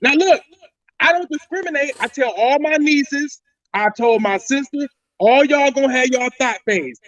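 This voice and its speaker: Brash high-voiced man on a lo-fi mic. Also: normal speed, fairly bright tone. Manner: brash, boastful, profane. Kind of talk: boastful casual talk. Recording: dry, dull lo-fi mic.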